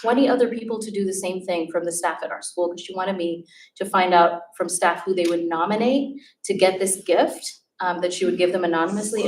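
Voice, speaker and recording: A woman who used to teach, telling lively classroom stories to an audience and acting out her students' voices. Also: on the low side, slight background noise. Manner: animated, acts out students' voices. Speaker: former teacher giving a talk. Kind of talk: storytelling talk to an audience. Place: event hall. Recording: roomy, distant from the mic.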